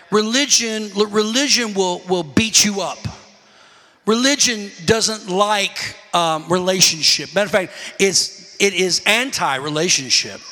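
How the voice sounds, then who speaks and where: A man's voice: high-pitched, sharp tone, long reverb tail. A man preaching a sermon, telling stories animatedly and calling out to his congregation. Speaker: pastor.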